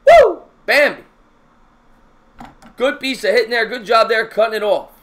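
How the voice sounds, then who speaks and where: A man streaming his own baseball play-by-play, calling pitches and chatting with viewers in a jokey, excitable way. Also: normal speed, heavy background noise. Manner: excitable, raises voice on big hits. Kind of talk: live-stream baseball play-by-play with chat shout-outs.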